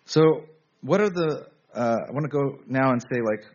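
A man preaching a sermon to a congregation in a relaxed, conversational way, often restarting his sentences. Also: mid-range voice, normal speed, muffled recording. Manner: conversational, self-correcting, with frequent restarts.

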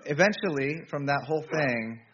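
A man preaching a sermon to a congregation in a relaxed, conversational way, often restarting his sentences. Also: a little high, normal speed, highs cut off, a little hiss or hum. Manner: conversational, self-correcting, with frequent restarts.

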